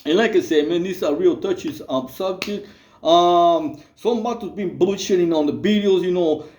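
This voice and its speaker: A man's voice: high-pitched, normal speed, darkish tone, roomy sound, slight background noise. A man hosting his channel, talking in a loose, rambling, streetwise way full of fillers. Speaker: channel host. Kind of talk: casual monologue to camera.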